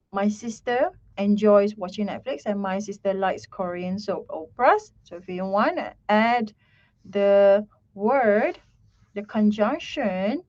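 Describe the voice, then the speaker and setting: Slow-talking woman teaching grammar. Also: mid-range voice, a little mellow, muffled recording. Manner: slow, repetitive, checks in with "right?" and "okay". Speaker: English teacher. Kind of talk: online grammar lesson.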